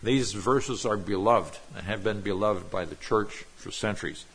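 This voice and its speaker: A man's voice: on the low side, moderate pace, hardly any pauses, a bit bright, breathy edge. A man preaching an expository sermon, explaining Hebrew words with emphasis and drawing out key terms.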